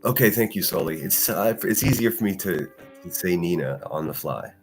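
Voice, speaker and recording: Ranting alone on a live stream, a male podcast host speaks in a low voice with lively intonation at a moderate pace over soft background music. He's heated and combative, swearing heavily while answering chat comments.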